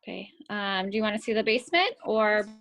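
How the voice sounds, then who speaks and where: A woman's voice: mid-range voice, animated, fairly quick, a bit bright. A woman real estate agent casually giving a virtual home tour over a phone video call, with frequent fillers.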